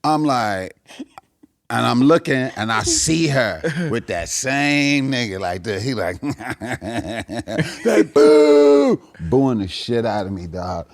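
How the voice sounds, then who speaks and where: A man guesting on a podcast as a comedian, telling stories in an animated, profane way and acting out the people in them. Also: medium pitch, unhurried, no room sound, clean studio sound. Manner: animated, profane, acts out the characters in his stories. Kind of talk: storytelling in a podcast chat.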